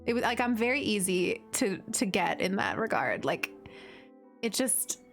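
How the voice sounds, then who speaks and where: A woman streamer chats casually and gushes as she plays, dropping "like" constantly in a live-stream style. Her medium-pitched voice swings widely in pitch, moves at an unhurried pace with vocal fry, and sounds fairly bright. Faint music plays in the background.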